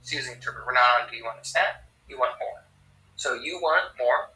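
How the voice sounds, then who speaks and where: Bright, roomy voice explaining signs. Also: mid-range voice, a little fast. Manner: explanatory, frequent tag questions. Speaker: ASL interpreter voicing a sign language teacher. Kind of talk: voiced online sign language lesson.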